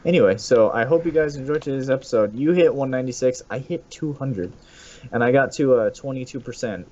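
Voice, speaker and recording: A man co-hosting a casual gaming podcast, playful and quick to laugh. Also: mellow. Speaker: podcast co-host. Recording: muffled low-fi audio.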